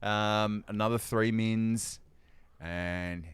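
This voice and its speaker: Man, deep voice, casual podcast chat, animated storytelling, dry close mic. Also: extremely slow, smooth, no echo. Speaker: podcast co-host.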